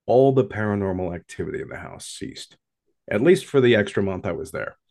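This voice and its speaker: Man, deep voice with a rough gravelly edge, intense first-person ghost storyteller. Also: animated, darkish tone. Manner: intense and dramatic, with long pauses.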